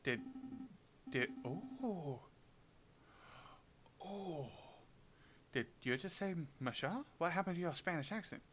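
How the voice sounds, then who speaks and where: A man's voice: lively intonation, slow pace, long pauses, fairly bright tone, a little hiss or hum. A man voicing a nervous young male sparrow lawyer who stammers and sounds flustered. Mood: puzzled. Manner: flustered, stammering and high-strung.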